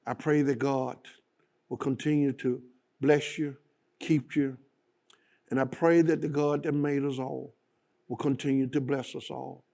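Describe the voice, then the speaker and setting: A man speaks in a slow, measured and solemn way. His voice is dark and mellow. Each phrase is set apart, and the talk reads as a prayerful testimony. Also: medium pitch, flat delivery, vocal fry. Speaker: guest speaker.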